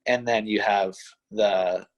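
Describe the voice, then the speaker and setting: A young college wrestler from western Pennsylvania, speaking in a Pittsburgh accent mixed with Midwest speech, chats modestly as a guest in a casual interview. His voice is fairly low, steady, and slow, and the audio sounds dull. He's easygoing and uses lots of "you know" and "like".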